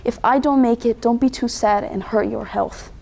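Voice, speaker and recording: Young woman voicing a gentle Chinese immigrant mom, slow, tender, halting English, higher voice. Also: fairly even intonation, gravelly. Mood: gentle, selfless. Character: gentle Chinese immigrant mother, soft-spoken.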